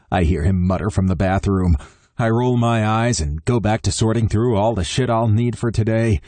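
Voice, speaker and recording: Male romance audiobook narrator: lower register, wry and chatty, recorded close and dry. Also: moderate pace, a little mellow, no echo. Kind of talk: first-person romance narration.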